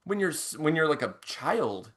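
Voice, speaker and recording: A man on a podcast chatting casually, telling animated stories and laughing often. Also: a little high, moderate pace. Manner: animated storyteller, laughs often, acts out quotes. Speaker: podcast co-host. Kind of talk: casual chat.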